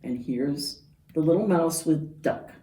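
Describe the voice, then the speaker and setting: A woman's voice: low voice, takes it slowly, warm tone. A woman librarian reading a picture book aloud to children, pointing out the pictures as she goes. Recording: roomy, from far off.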